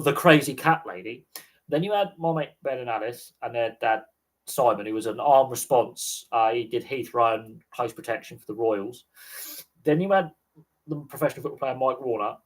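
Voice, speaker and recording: A man's voice: medium pitch, moderate pace, low-quality recording. A man, chatting casually on a livestream and telling rambling stories with frequent laughs. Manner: rambling storyteller, laughs often. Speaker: sports channel host.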